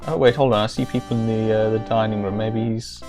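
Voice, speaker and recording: A man's voice: lowish voice, fairly even intonation, a little fast, music in the background. A man streaming a video game, chatting casually and rambling with dry, self-amused jokes. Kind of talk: casual let's-play commentary.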